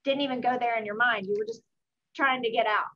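A woman's voice: on the high side, quick pace, sharp tone, muffled recording. A woman hosting an interview, chatting casually and speaking enthusiastically to viewers. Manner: enthusiastic, addresses viewers directly. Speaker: interview host.

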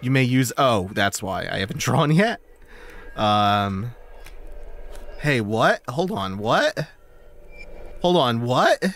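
A man streaming a video game, thinking out loud in casual commentary, swearing and laughing easily. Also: mid-range voice, big pitch swings, slow pace, long pauses, a little hiss or hum. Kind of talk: casual let's-play commentary.

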